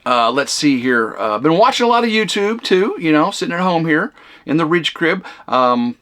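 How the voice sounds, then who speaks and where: A man hosting a vlog, rambling casually at home in a camper cabin, loud and flamboyant with lots of fillers. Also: on the high side, sing-song, normal speed. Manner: loud, big flamboyant talker. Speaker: vlog host.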